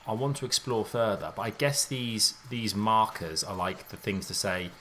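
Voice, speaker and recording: A man giving let's play commentary on a game, excitable and jumpy, thinking aloud in casual slang. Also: on the low side, moderate pace, a little hiss or hum. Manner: casual slangy talk, says mate and dude. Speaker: gaming YouTuber.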